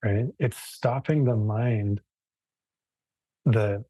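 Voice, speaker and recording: A man with a husky, slightly breathy voice gives a casual live yoga lesson, thinking aloud as he goes. He speaks slowly, pausing and restarting his sentences. The sound is dry and close. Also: lowish voice, warm tone, no room sound, low-quality recording. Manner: casual, thoughtful, many restarts and fillers. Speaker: yoga teacher. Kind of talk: relaxed live class lecture.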